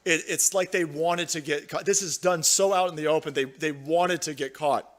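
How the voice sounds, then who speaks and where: A man's voice: a little high, steady tone, moderate pace. A young man hosting a livestream, ranting profanely about politics and reading out viewer chat. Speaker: livestream host.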